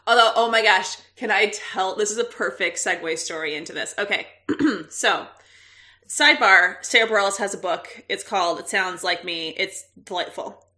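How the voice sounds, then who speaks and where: A woman's voice: mid-range voice, normal speed. A woman in her thirties, a podcast co-host, telling a story in casual chat with frequent laughs. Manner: animated storyteller, laughs often.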